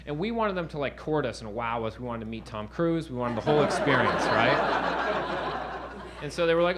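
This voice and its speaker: A man on a comedy stage tells a long, rambling story full of swearing. His voice sits a little high, and he keeps asking the room "right?" A live audience laughs loudly behind him. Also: lively intonation, brisk, crowd noise. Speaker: stand-up comedian. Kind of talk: stand-up storytelling.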